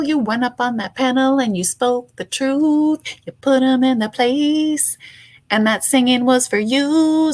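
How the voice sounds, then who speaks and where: A woman hosting a casual livestream, greeting chat viewers by name in a chatty, playful way. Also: high voice. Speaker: livestream host.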